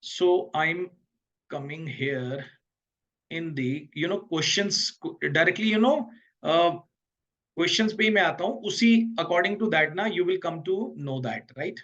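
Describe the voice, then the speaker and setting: A man's voice: fairly high pitch, normal speed, fairly bright tone. Indian man teaching exam prep, dull audio. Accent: Indian English. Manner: mixes Hindi and English, checks in with "okay?" and "right?". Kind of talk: exam preparation lecture.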